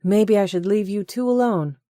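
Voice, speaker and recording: A woman voicing an irritated young heroine in an audiobook, curt and sharp. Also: mid-range voice, normal speed, dry recording, clean studio sound, pitched above the performer's own voice, natural voice.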